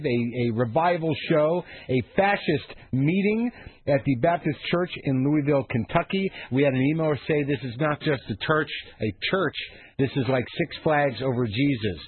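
A man's voice: medium pitch, slightly rough, dry recording. A man hosting a morning radio talk show, riffing with sarcasm and rambling asides. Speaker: radio host. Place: radio studio. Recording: narrow phone-like radio sound.

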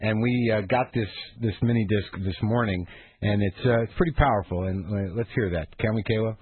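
A man's voice: fairly low pitch, brisk, husky, no echo. A man hosting a morning radio talk show, riffing with sarcasm and rambling asides. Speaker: radio host. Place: radio studio. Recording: narrow phone-like radio sound.

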